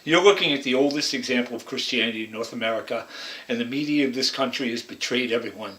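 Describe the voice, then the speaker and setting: A man's voice: medium pitch, quick pace, a bit bright, slight background noise. A man talking in a rambling, repetitive monologue, pointing out details in pictures as he goes. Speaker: vlogger interpreting images. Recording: roomy echo.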